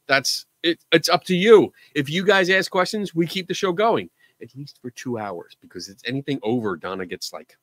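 A man hosts a live show, chatting loosely and poking fun at himself. His pitch swings widely as he jokes along. The sound is dry and close, with no room around it. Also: expressive, moderate pace, hardly any pauses, fairly bright tone, no echo. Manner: joking, self-deprecating, chatty. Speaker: host of a live call-in show. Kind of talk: casual livestream chat.

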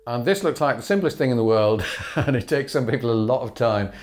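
A medium-pitched man talks a little fast over faint background music as he teaches fiddle. He lays out the patterns in a chatty, laid-back manner, with light laughter, fillers, and bows counted aloud.

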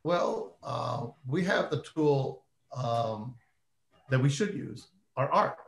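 A man speaking as a panelist on a virtual conversation, measured and hesitant, pausing on fillers. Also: medium pitch, expressive, gravelly, reverberant. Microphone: video call.

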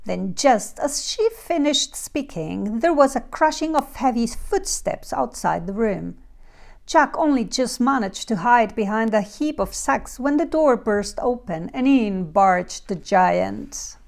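A woman reading a fairy tale aloud slowly and clearly for learners of English. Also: on the high side, lively intonation. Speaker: storyteller. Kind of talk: storybook narration for English learners.

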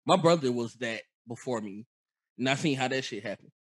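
A man's voice: medium pitch, fairly quick, slightly rough. A man guesting on a podcast, talking in laid-back, joking slang. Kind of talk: casual podcast chat.

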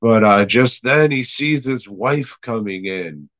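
A man talks through an episode at an unhurried pace, swearing freely and breaking into laughter. His pitch sits mid-range for a man. The sound is close and dry, with no room around it. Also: animated, a bit bright, no echo, poor audio. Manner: profane, rambling, laughing recap. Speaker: podcast host reviewing an episode. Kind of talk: casual chat.

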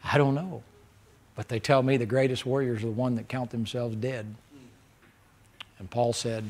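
A man preaching in a folksy, down-home way. His voice sits in a middle pitch, and he swings from loud emphasis to hushed, close moments. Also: steady tone, normal speed, long pauses. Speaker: pastor. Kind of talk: sermon.

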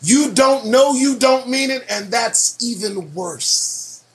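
Sarcastic, animated man with lively pitch. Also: slow. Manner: profane, sarcastic and animated, reacting to headlines. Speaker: show host. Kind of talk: solo commentary on news headlines.

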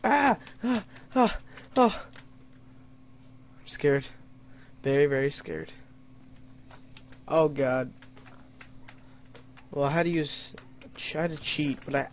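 Speaking at a measured pace with frequent pauses, a young man with a slightly high voice does let's play commentary on an adventure map. He delivers story lines with mock drama and pokes wry fun at himself, with slight background noise behind him.

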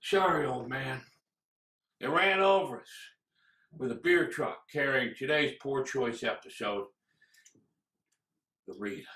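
A man's voice: mid-range voice, big pitch swings, a little slow, pauses often. Ranting man in a roomy echo. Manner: ranting, escalating to shouts. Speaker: comedian reviewing drinks. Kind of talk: scripted comedic monologue.

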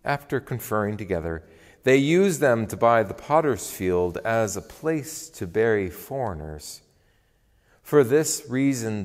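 A man reading scripture in a worship service, expressive and deliberate. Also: mid-range voice, in a large hall. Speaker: lay reader. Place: church.

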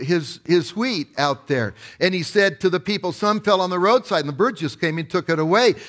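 A man's voice: high voice, a bit bright. A male pastor preaching a sermon. He tells the parable with energy and slips into acted-out voices for the people in it.

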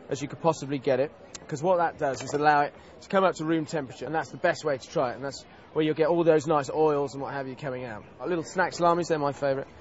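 A man's voice: a little high, fast, few pauses, highs cut off, slight background noise. A man demonstrating a cooking dish as a TV chef, talking in a casual, chatty and enthusiastic way at an outdoor food festival.

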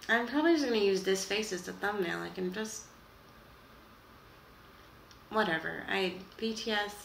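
Exasperated young woman, bright gravelly voice. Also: mid-range voice, moderate pace. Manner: dramatic, exasperated, trails off and restarts. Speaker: reaction vlogger. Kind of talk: casual reaction chat to camera. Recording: echoey room with faint background noise.

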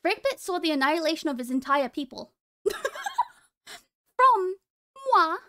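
A woman's voice: very high-pitched, very animated, a little slow, pushed and bright, no echo, clean studio sound. A young woman streamer chatting casually with her viewers in a playful, teasing way, laughing often.

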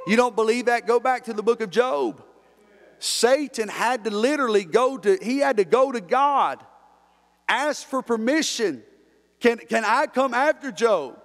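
High-voiced preacher in a reverberant church. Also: male voice, fairly bright tone. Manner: fervent, repetitive preaching with call-and-response. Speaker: pastor. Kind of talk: sermon. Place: church sanctuary. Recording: long reverb in a church hall.

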